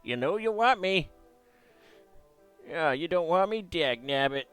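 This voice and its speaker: A man's voice: fairly high pitch, expressive, unhurried, fairly bright tone, clear, resonant tone, faint music behind, voice pushed up. A man voicing a grizzled old gold prospector with a twangy, folksy drawl. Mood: coaxing.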